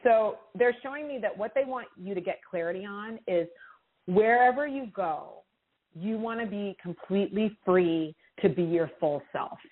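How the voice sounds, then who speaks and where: A woman giving intuitive readings to callers on a call-in show, expressive and reassuring, with feeling in her voice. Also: medium pitch, moderate pace. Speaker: intuitive reader answering callers. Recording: tinny phone-line sound.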